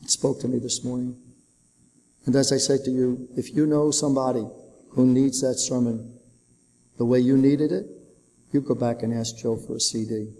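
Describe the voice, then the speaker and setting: A man's voice: fairly even intonation, normal speed, pauses often, mellow, long reverb tail, poor audio. A male pastor delivering a sermon, telling a dramatic story and acting out the voices of the people in it. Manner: dramatic storytelling, voicing characters with raised pitch. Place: church sanctuary.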